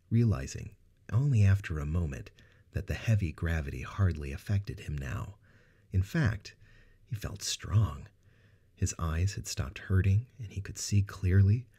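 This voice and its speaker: Brief: low, dark-toned male narrator for sci-fi audio fiction. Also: slightly rough.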